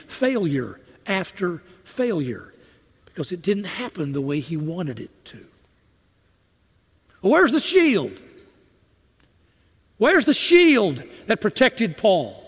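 High-voiced preacher in an echoing hall. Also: male voice. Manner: earnest, rising to impassioned emphasis, with repetitions. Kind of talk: sermon.

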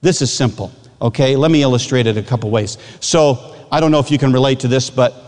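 A man in his fifties from Michigan, a pastor preaching a sermon with lively acted-out illustrations and sudden shouts. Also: medium pitch, fast talker, long reverb tail.

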